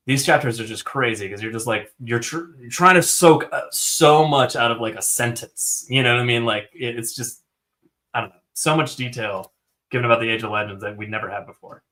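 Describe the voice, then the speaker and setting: A man co-hosting a podcast, chatting excitedly about a fantasy book, swearing often and filling his talk with "like". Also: medium pitch, normal speed. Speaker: podcast co-host. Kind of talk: casual book discussion.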